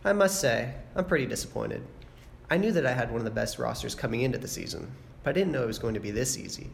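Cocky trash-talking man, gravelly lo-fi audio. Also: lively intonation, fast talker. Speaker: rival league member. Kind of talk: mock radio show taunt. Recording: low-quality noisy recording.

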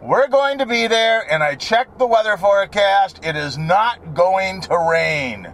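A man's voice: high voice, lively intonation, unhurried, a bit bright, a little hiss or hum. A man rambling and joking while he drives his truck, swearing freely in a casual vlog. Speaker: vlogger. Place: inside a truck while driving.

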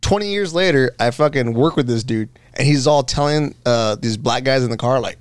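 A man's voice: medium pitch, clean tone, dry recording. A man in casual, swearing podcast chat, telling a story from his neighborhood. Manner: profane, quick storytelling. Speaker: podcast co-host.

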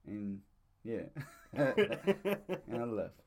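Brief: male co-host, loose profane storyteller, mid-pitched, chuckles through his anecdotes. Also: expressive, normal speed, a bit bright. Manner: profane, rambling, laughs often. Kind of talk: casual chat, rambling storytelling.

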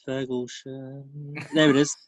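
A man's voice: medium pitch, little pitch movement, takes it slowly. A young man co-hosting a casual comedy podcast, playful and dry in manner. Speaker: podcast co-host. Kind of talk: casual chat.

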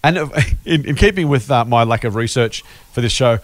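A man's voice: mid-range voice, expressive, brisk, no echo. An Australian man hosting a podcast, chatting casually and jokingly, often laughing and teasing his co-host. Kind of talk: casual finance podcast chat.

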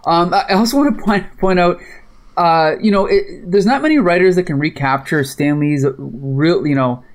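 Male podcast co-host, slightly high voice, eager and laughing, casual comic chat. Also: normal speed. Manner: enthusiastic, laughs often.

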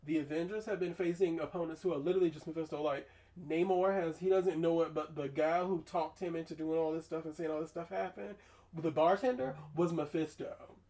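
A man with a fairly high voice hosts a casual chat. He rants in an animated, opinionated way, full of slang and asides. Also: a little fast, poor audio. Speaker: podcast host.

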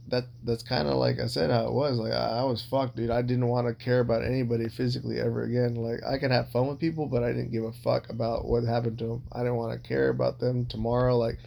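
With a dark, medium-pitched voice and vocal fry, a man tells blunt, rambling, profanity-laden personal stories in a casual podcast chat. A little hiss or hum sits under the audio.

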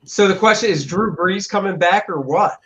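A man's voice: sits high, normal speed, a bit bright, dull audio. A man co-hosting a podcast, asking questions and teasing the guests. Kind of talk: casual podcast chat.

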